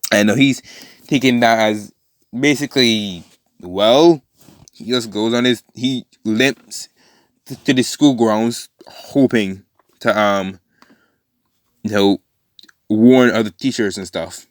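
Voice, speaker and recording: A man's voice: on the low side, slow pace, long pauses, no room sound, studio quality. Man rambling through a fan story. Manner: rambling, full of fillers and restarts. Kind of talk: casual retelling of a fan story.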